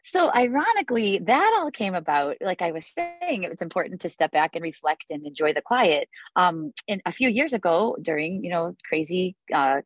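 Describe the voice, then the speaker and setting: A woman's voice: fairly low pitch, big pitch swings, normal speed, few pauses, no echo. A woman in her forties, a music teacher, talking in a podcast interview, chatty with many fillers and restarts.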